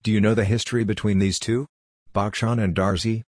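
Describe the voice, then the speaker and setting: A man's voice: lowish voice, flat delivery, a little fast, no room sound, studio quality, natural voice. A man voicing a tall, thin female police constable with an Indian accent, formal and matter-of-fact, in an audiobook. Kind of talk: audiobook character voice.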